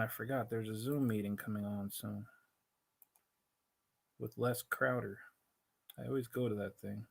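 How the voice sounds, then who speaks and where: A man's voice: medium pitch, gravelly, slightly rough. A man hosting a casual livestream, rambling and interrupting himself, talking into a laptop mic, with a Spanglish accent. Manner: rambling, self-interrupting, laughs often. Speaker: livestream host.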